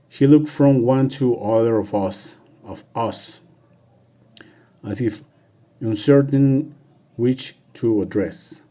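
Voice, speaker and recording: Non-native male reader, Spanish first language; slow, very mellow tone; halting practice read with restarts. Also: mid-range voice. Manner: halting, restarts and repeats words. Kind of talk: reading a novel aloud for practice.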